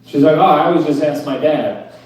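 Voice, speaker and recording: A young male comic ranting in a profane, disbelieving, self-mocking way about his life. His voice sits a bit high and has a mellow, soft edge. The sound is roomy and echoey, as if picked up from across a small club. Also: brisk, distant mic. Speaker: stand-up comedian. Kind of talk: stand-up set at an open mic. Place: club stage.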